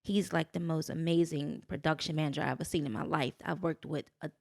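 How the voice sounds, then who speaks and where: A middle-aged woman, a podcast guest, telling personal stories in an animated, expressive way, acting out quotes and speaking with faith. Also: deep voice, fairly quick, gravelly. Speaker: guest, business owner.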